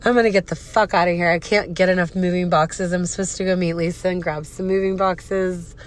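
A woman's voice: lowish voice, fairly even intonation, fairly quick. A woman in her thirties with an emotional, profane, venting manner, hosting a casual personal podcast. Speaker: podcast host.

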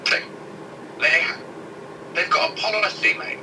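A man reads news headlines aloud during casual banter, swearing freely and tripping over the harder words. He sits well back from the microphone, and loud background noise runs under everything he says. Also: on the high side, a little slow, far from the mic, low-quality recording. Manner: irreverent, sweary, stumbles while reading aloud. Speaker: co-host reading out news headlines.

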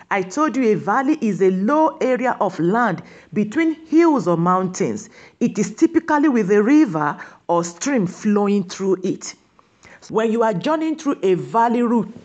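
A woman preaching a sermon, pressing her listeners with repeated questions and slowing down on key words for emphasis. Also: medium pitch, darkish tone.

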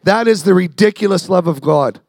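Male pastor preaching, gravelly voice, bit high, loose chatty delivery. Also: brisk, darkish tone, dry recording. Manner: conversational, repeats words, acts out quotes. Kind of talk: sermon.

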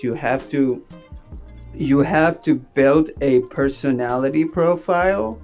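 A man who is an actor and director, talking in a rambling, animated way with many fillers. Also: mid-range voice, unhurried, soft background music. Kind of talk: casual interview talk.

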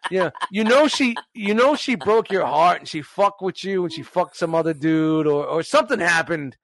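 A man in his forties chats casually, telling stories animatedly with laughter and swearing. His high voice has lively intonation, vocal fry, and a slightly bright quality at normal speed, with no room sound.

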